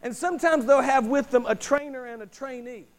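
A man preaching a sermon as pastor, slowing down to punch key phrases and calling for an amen from the congregation. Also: extremely high pitch, low-quality recording. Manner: emphatic preaching with slowed, punched phrases and call-and-response.

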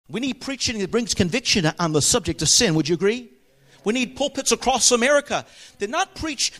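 A man preaching a sermon with emphasis, his voice rising high and dropping low, and asking the congregation for agreement. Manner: emphatic, swings between ringing highs and hushed lows.

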